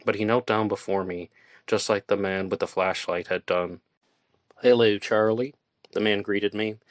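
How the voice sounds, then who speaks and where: A man reading a first-person thriller audiobook in a tense, measured storytelling manner. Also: lowish voice, level tone, a bit bright, no echo. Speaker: audiobook narrator.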